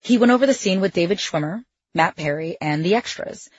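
A woman's voice: lowish voice, expressive, brisk, breathy edge, dry recording, lo-fi sound. A woman reading her own memoir in the first person, with a wry, sardonic edge to her asides. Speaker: memoir narrator.

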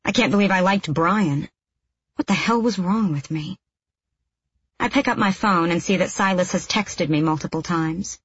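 Low, husky woman narrating a novel. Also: moderate pace, dry recording, lo-fi sound. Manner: wry, conversational. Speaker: audiobook narrator. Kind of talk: first-person novel narration.

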